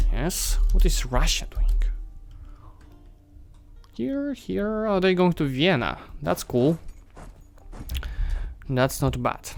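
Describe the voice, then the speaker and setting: A man streaming a strategy game, thinking aloud and chatting to the nations and armies on screen, his voice going hoarse. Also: medium pitch. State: losing his voice. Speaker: gaming streamer. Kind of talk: live strategy game commentary.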